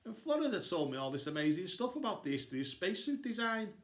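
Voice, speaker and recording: A man's voice: sits high, big pitch swings, fast talker, roomy sound. A man reading a story aloud, voicing a chatty, show-off young girl who brags and teases. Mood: scornful. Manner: bubbly and bragging.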